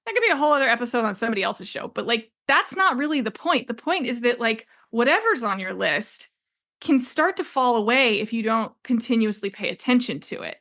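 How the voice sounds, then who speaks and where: A woman's voice: a little high, lively intonation, fairly quick, a bit bright. A woman in her forties hosting a solo business podcast, telling a story in a chatty, conversational way with frequent laughs. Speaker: podcast host and business coach.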